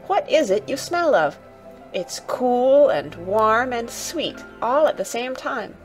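A woman voicing a sickly, eager and wondering boy, exclaiming in a high, delighted, breathless way. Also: big pitch swings, takes it slowly, soft background music, low-quality recording.

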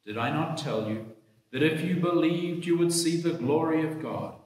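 A man's voice: fairly high pitch, normal speed, close to an everyday voice. A man reading out the words of Jesus as a solemn, commanding grown man, in a raised, declaiming reading voice. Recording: echoey church hall.

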